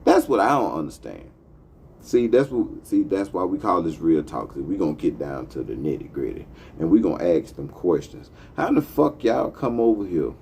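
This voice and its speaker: A man's voice: sits low, big pitch swings, normal speed, vocal fry, darkish tone, husky. A man hosting a talk show, delivering a profane, impassioned monologue. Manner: profane, heated, emphatic. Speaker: podcast host.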